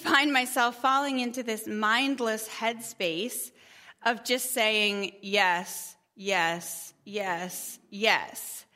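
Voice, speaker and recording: A middle-aged mother telling a parable and stories from family life at a church gathering, chatty with gentle humor. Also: fairly high pitch. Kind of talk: storytelling talk.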